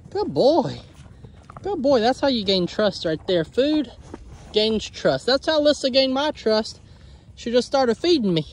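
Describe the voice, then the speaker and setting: A man's voice: sits high, darkish tone. A man, a homesteader chatting casually in a vlog, coaxing and fondly talking to his animals. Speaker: homesteader vlogger. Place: outdoor pasture.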